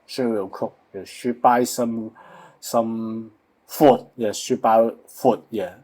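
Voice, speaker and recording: A man with a Hong Kong accent, an English learner who speaks in halting, repeated phrases in a casual lesson. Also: on the low side, fairly even intonation, dark tone. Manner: halting, repeats words, hums along.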